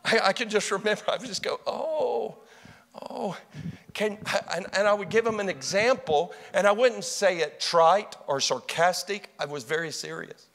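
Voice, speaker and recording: A man preaching a sermon, swinging from hushed, intimate passages to loud, shouted exclamations. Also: high-pitched, normal speed, creaky, big-room sound.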